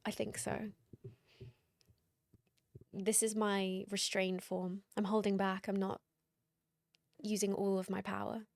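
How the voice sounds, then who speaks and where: Woman, streamer, playful teasing chat, unhurried speech, dry close mic. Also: medium pitch, flat delivery, vocal fry, no echo. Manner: playful and teasing, laughs often. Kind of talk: casual late-night stream chat.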